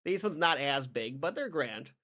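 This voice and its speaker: Rambling game master, lively pitch. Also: male voice, moderate pace. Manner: rambling, many fillers and restarts. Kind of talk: narrating a tabletop game.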